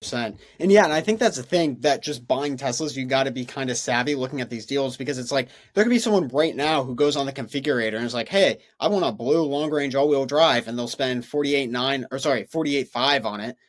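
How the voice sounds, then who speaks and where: A man's voice: medium pitch, quick pace, few pauses. Easygoing man hosting a chat. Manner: easygoing, asks questions while walking through listings. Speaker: co-host. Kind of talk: casual interview chat.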